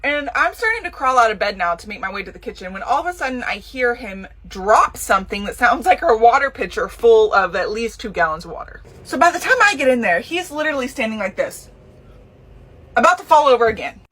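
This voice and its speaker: A woman chatting casually to the camera while getting ready, telling a story in an animated, dramatic way. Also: a little high, fairly quick. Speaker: nurse.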